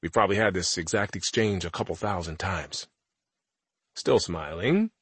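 A man's voice: low-pitched, fairly even intonation, brisk, a bit bright, husky, dry recording. A man narrating an audiobook in the first person as a teenage boy, with a wry, conversational delivery.

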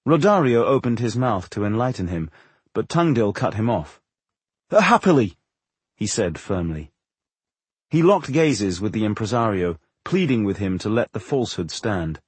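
A man reading a fantasy audiobook in expressive, measured storytelling on a close studio mic. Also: lowish voice, husky, no room sound. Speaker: audiobook narrator. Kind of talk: scripted fantasy narration.

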